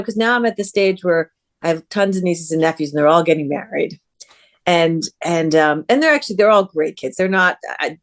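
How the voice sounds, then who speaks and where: A woman in her fifties, a guest author in a casual interview, lively and chatty and often restarting her sentences. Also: sits low.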